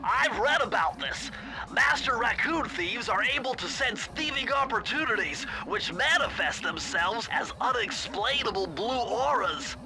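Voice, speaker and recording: An actor playing a nervous, nerdy turtle who runs the tech side of a heist in a video game. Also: male voice, very high-pitched, animated, a little slow, over music, full character voice, rough recording. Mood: eager.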